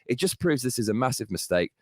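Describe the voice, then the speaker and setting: A man's voice: medium pitch, big pitch swings, fast, no room sound, studio quality. A man delivering an angry, profane political rant, heated and sarcastic throughout. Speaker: political commentator.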